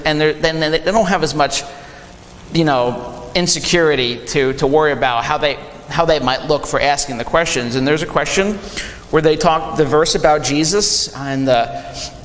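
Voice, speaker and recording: Man, young adult, pastor, sermon, animated, acts out quotes, high-pitched, long church reverb. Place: church sanctuary.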